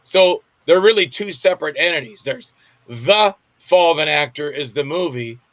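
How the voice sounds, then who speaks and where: A man's voice: a little high, animated, normal speed, a bit bright, no echo. An older man from Florida, a guest actor and filmmaker, telling rambling stories in a casual interview and acting out what others said. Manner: rambling storyteller acting out quotes.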